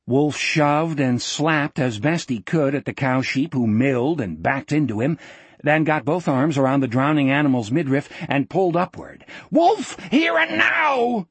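A man reading an audiobook in a steady, dramatic storytelling manner. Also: mid-range voice, husky, dry recording. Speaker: audiobook narrator. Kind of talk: scripted narration.

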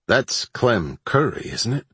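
A man voicing a gruff, ill-humored old frontier judge who speaks bluntly with a dry drawl. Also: mid-range voice, very animated, takes it slowly, fairly bright tone, no echo, voice pushed up, full character voice.

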